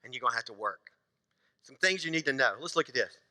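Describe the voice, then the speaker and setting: A man's voice: medium pitch, expressive, fast talker, bright, forceful tone, dry recording, big-room sound. A middle-aged man preaching a sermon in a church, casual and joking, acting out little scenes from married life. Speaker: pastor. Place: church sanctuary.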